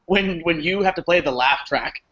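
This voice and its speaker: A man's voice: on the high side, moderate pace, crowd noise. A man, a guest on a casual video call, joking and playful. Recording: lo-fi call audio with clear background noise.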